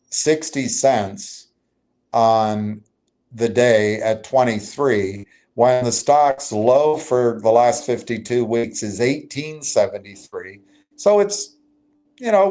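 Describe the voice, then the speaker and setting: A man's voice: mid-range voice, a little mellow. A man hosting a live stream, giving emphatic, agitated stock market commentary and answering chat. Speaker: livestream host.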